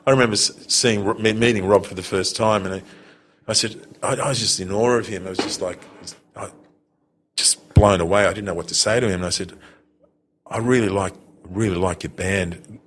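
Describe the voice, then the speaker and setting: Deep-voiced Australian man telling old stories. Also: a little fast, a bit bright. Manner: rambling, laughing, full of "you know". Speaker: veteran punk singer and guest. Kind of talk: casual storytelling chat.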